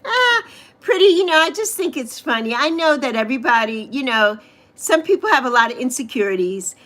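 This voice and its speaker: A woman's voice: high-pitched, expressive, brisk, fairly bright tone. A woman in her sixties hosting a casual livestream, chatting straight to her viewers and calling them honey. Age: 60s. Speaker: livestream host reading viewer comments. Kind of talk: casual live chat. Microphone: phone or webcam on a livestream.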